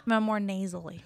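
A woman's voice: medium pitch, bright, forceful tone, no room sound, studio quality. A woman co-hosting a casual podcast who chats, teases and laughs easily. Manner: chatty, teasing, laughs easily. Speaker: podcast co-host, campus staff.

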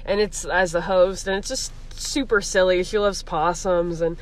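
A woman's voice: on the low side, fairly even intonation, moderate pace. A young woman, a comedian, chatting casually on a podcast, rambling with lots of "like" and frequent laughs. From Columbus, Ohio area. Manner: giggly, rambling, heavy use of "like". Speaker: guest comedian.

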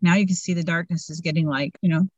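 A woman in her fifties sharing a personal story in a casual testimony, earnest and animated. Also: on the low side, fast talker, no echo, muffled recording. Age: 50s. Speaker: group member sharing a story.

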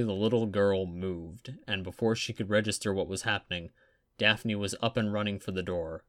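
This is audiobook-style narration: a man with a fairly low voice reads a story evenly and steadily. It's recorded close up and completely dry, with no echo from the room.

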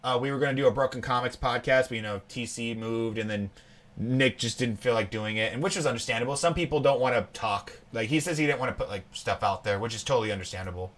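A man's voice: mid-range voice, fast talker, fairly bright tone. A young man co-hosting a podcast, chatting casually and rambling, often quoting people in put-on voices. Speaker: podcast co-host. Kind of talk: casual chat.

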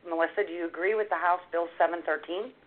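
A woman guest author, telling an emotional story in a talk show scene by scene with animated delivery. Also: on the low side, fast talker. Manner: animated, retells scenes step by step. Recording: tinny phone line.

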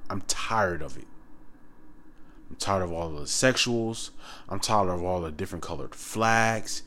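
Heated man ranting, low-pitched. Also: fairly bright tone. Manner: heated and repetitive, hammering the same phrases, swearing. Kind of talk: ranting monologue to camera.

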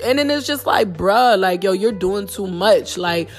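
A woman's voice: medium pitch, lively intonation, measured pace, soft background music. A young woman with a New York accent hosting a podcast, bluntly retelling a personal story in a casual, profane monologue full of slang. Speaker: podcast host.

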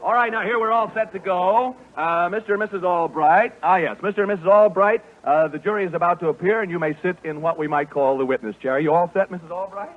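A man's voice: sits high, fast, few pauses. A man hosting a live radio game show, jovial and joking, often laughing along with contestants. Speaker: quiz show host. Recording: old lo-fi radio broadcast with faint hiss.

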